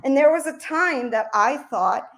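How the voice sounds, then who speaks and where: A woman's voice: sits high, expressive, normal speed. Fiery, profane woman ranting on stream. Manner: angry, profane, confrontational. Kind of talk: heated livestream rant.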